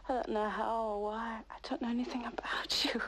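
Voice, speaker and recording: A woman's voice: fairly high pitch, steady tone, brisk, a little hiss or hum. An actress playing a sensitive young woman who questions her mysterious lover earnestly in a 1970s TV drama. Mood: tender whisper. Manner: earnest, probing, turns soft and breathy when tender.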